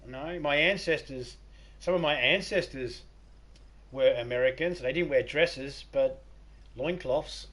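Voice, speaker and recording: A man's voice: mid-range voice, measured pace, fairly bright tone. Joking Australian man streaming a game. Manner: joking, rambling, reads chat aloud. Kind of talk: casual live-stream chat.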